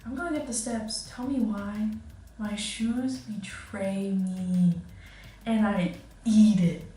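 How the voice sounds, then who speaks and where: A woman's voice: medium pitch, takes it slowly, warm tone. A young woman vlogging as a study-abroad student, telling stories in a chatty, giggly way full of filler words. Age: young adult. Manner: chatty storytelling, many "like"s and giggles. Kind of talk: casual vlog chat. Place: kitchen indoors. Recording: echoey room, distant mic, faint music.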